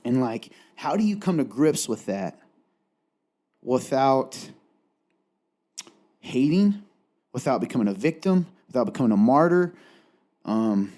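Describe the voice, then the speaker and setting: A man's voice: mid-range voice, big pitch swings, a little slow, pauses often, mellow. A man co-hosting a candid faith-based conversation, earnest and rambling, close to tears as he speaks. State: tearful, close to crying. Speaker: podcast co-host.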